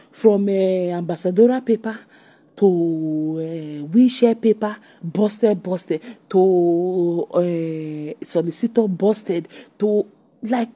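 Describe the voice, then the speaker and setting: A woman speaking Nigerian Pidgin English, giving a mocking, animated gossip commentary for her online audience, laughing often. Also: medium pitch, unhurried, slightly rough.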